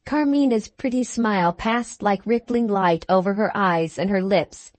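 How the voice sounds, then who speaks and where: A woman reads a classic novel aloud in a measured, expressive way. Her voice sits in a middling register and the recording is dry and close, with no room sound. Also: mid-range voice, no room sound. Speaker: audiobook narrator. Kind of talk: scripted narration.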